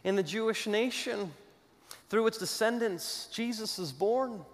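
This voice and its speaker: A man preaching a sermon, telling a story with dramatic pauses and moving between loud declarations and hushed asides. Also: high voice. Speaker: pastor. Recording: long hall reverb.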